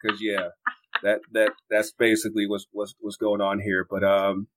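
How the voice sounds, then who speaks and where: A man's voice: on the low side, monotone, moderate pace, noisy background. Laughing stammering male podcast host. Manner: laughing, riffing, stammering restarts. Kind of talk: casual sports chat.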